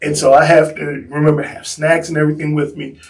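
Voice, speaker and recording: A man who works as a tour guide, telling stories in an animated way and acting out the people he quotes. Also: a little high, quick pace, creaky, recorded from a distance, low-quality recording. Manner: acts out the people he quotes in bursts. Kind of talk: animated storytelling.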